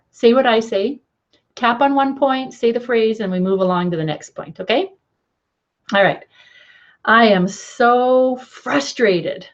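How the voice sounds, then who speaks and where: A middle-aged woman coach guiding a tapping lesson in a gentle, encouraging way, often checking in with "okay". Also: medium pitch, muffled recording.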